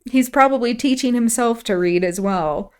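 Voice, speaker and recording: A woman reading a classic novel aloud on a stream, breaking off for quieter, reflective asides. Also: fairly high pitch, moderate pace, clear, resonant tone.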